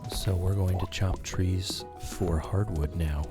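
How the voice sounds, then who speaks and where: Soft-spoken deep-voiced man streaming a game. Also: fairly even intonation. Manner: soft-spoken, slow and soothing. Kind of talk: calm gameplay commentary for sleep. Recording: background music.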